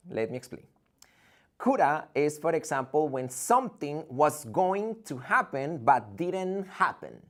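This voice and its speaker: A man's voice: a little high, very animated, takes it slowly. Man, English teacher on a video call, jokey and theatrical, plays both teacher and student. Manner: playful, theatrical, jokes and acts out student questions. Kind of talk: live online English lesson.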